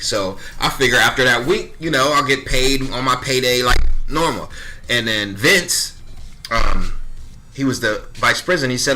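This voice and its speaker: At normal speed, a podcast guest in his thirties speaks in a bright, forceful, mid-range voice. His casual storytelling is blunt and peppered with swearing, and he performs both sides of the conversations.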